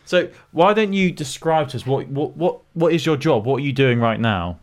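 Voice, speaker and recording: A man's voice: medium pitch, expressive, moderate pace. A young man from Britain, co-hosting a podcast with curious, giggly questions. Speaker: podcast co-host. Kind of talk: casual chat.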